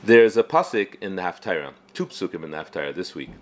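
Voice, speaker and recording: A middle-aged man, a rabbi, giving an informal weekly Torah talk in a conversational way, often halting and restarting his sentences. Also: deep voice, expressive.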